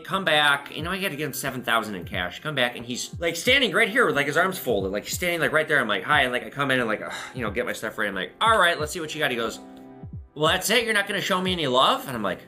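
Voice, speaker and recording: Blunt, bright-voiced man telling shop stories. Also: mid-range voice. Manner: blunt, profane storytelling with lessons. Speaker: pawn shop owner and host. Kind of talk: casual monologue to viewers. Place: his shop.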